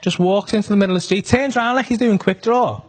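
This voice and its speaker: A man with a Northern English accent doing stand-up storytelling, animated and sweary, full of conversational asides. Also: high voice, fast talker. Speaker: stand-up comedian.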